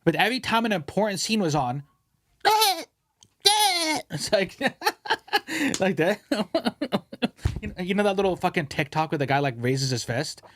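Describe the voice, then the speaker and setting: Young male podcast co-host, slightly higher voice, animated storytelling with slang and cursing, recorded dry. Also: brisk, dry recording. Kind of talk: casual podcast rant.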